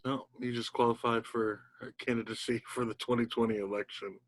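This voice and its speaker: A man's voice: medium pitch, little pitch movement, a little fast. A man co-hosting a podcast, dropping in dry joking remarks during casual chat. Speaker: podcast co-host.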